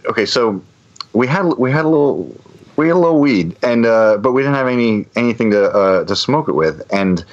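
A man's voice: mid-range voice, muffled recording. A man casually telling a long anecdote, rambling with frequent restarts and fillers. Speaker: guest storyteller.

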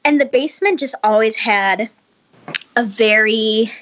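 A woman's voice: a little high, unhurried, a bit bright, highs cut off. A woman telling a story in casual chat over a video call, rambling and full of likes and restarts. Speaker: podcast guest telling a story.

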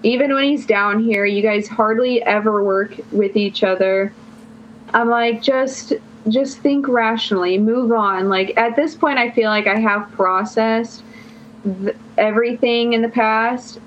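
A young woman guest on a podcast telling a long personal story in casual chat, rambling and filling her phrases with "like". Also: medium pitch. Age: young adult. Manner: rambling, fills every phrase with "like". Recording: dull lo-fi sound.

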